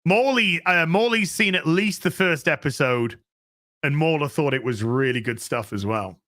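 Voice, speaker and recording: A man hosting a livestream, reading out superchats in an animated, sweary way with quick asides. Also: on the high side. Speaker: streamer host.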